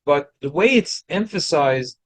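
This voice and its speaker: A man's voice: on the high side, animated, unhurried, dry recording. A man giving a Torah class to a study group, explaining with frequent restarts and Hebrew and Yiddish terms. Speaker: rabbi teaching a study group.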